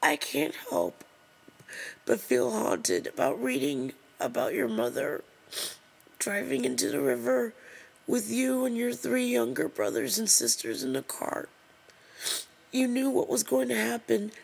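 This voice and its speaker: A woman reads an open letter aloud while in tears, her voice deeply gravelly and husky with fry. She speaks slowly and haltingly, stopping to apologize and start over, and her pitch swings widely as she struggles through the words. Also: sing-song, a little mellow, poor audio. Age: adult over 20. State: crying, tearful. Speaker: vlogger.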